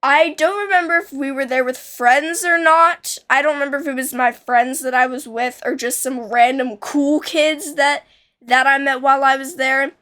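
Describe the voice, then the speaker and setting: A woman's voice: sits high, fairly even intonation, moderate pace, pushed and bright. A young woman telling a childhood story in a casual, rambling way, with many restarts and fillers.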